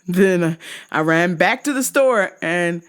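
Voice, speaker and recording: A woman from New Jersey telling a story in a casual vlog, animated and profane. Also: on the low side, takes it slowly. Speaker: vlogger.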